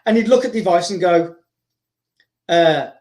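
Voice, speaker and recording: A man hosting, rambling excitedly through a story told casually, with frequent repeats and restarts. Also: sits high, normal speed. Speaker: host. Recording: roomy echo.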